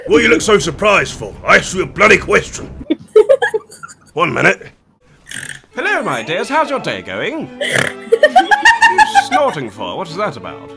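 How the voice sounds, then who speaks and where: A man's voice: sits high, wildly swooping pitch, a little slow, creaky, pauses often, music in the background, full character voice. A man doing a haughty gent. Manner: haughty, scolding, British slang. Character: blustery British man, prim and scolding. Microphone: webcam on a video call.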